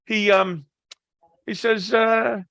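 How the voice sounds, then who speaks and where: A man, a Marine veteran, telling a story in a casual, animated way and acting out the people in it. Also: high-pitched, slow, vocal fry, no echo, dull audio. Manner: animated, acts out voices in his anecdotes.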